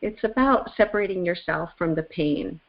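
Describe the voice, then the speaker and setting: Woman reverend hosting an interview, kinda low voice, earnest and reflective, dull lo-fi sound. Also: lively intonation, normal speed. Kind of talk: conversational interview.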